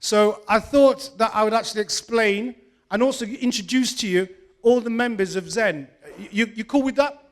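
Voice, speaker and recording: A man with a high voice hosts a live evening event in a venue. He talks into a handheld microphone with self-mocking, teasing stage banter. His jokes run between comic asides and chat with the crowd. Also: normal speed. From England. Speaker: event host. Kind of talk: joking stage banter with the audience.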